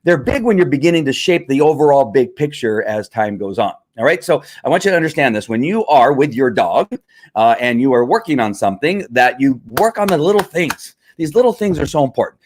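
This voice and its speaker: A man's voice: medium pitch, animated, a little fast, a little mellow. A man hosting a live stream, explaining dog training in a conversational, repetitive teaching manner with fillers. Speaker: livestream host and dog trainer.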